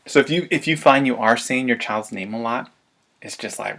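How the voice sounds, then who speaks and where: A man giving a parenting webinar, lively and laughing often, acting out everyday demands parents make. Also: mid-range voice, moderate pace. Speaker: parenting coach. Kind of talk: webinar presentation.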